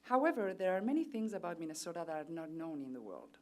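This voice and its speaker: A trade official from Spain, whose first language is Spanish, speaks on a seminar panel with a Spanish accent and a notably low voice. At a quick pace she gives formal, earnest prepared remarks, reciting economic statistics one after another in a steady tone.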